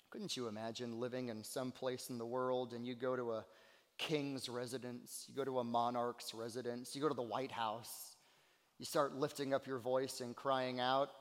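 A man preaching a sermon, swinging between loud, earnest cries and hushed near-whispers, and repeating phrases for emphasis. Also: medium pitch, steady tone, moderate pace. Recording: long hall reverb.

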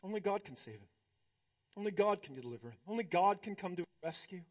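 A male pastor preaching a sermon, swinging between hushed, slow stretches and emphatic, rising ones. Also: high-pitched, animated.

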